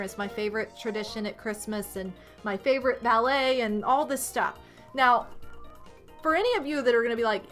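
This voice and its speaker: A young woman streamer vents to her chat in a high, bright voice. She swings from loud exasperated outbursts to quiet muttered asides. Faint music plays underneath. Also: a little fast. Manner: exasperated ranting, animated, swings loud and soft.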